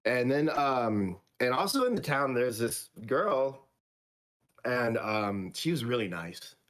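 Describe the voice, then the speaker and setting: A man in a role-playing game, telling a bedtime story in a halting, rambling way full of fillers. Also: mid-range voice, very animated. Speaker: player.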